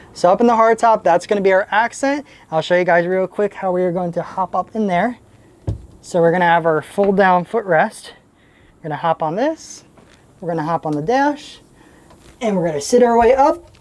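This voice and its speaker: A woman's voice: medium pitch, darkish tone, slight background noise. An upbeat woman gives a casual walkthrough tour aboard a boat, chatting as she lists one feature after another. She climbs around while she talks, so she sounds slightly winded. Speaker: boating channel host.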